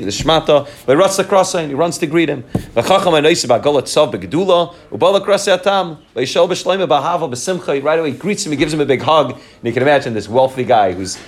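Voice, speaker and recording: A man teaching a story with commentary as a Torah teacher, animated, repeating words and phrases, and mixing in Hebrew and Yiddish terms. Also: fairly high pitch.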